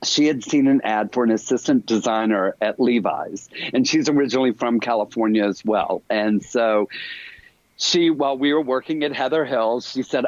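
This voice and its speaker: A middle-aged man, a podcast guest, telling animated stories in a casual interview and laughing often. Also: mid-range voice, normal speed, no room sound. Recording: dull lo-fi sound, dry.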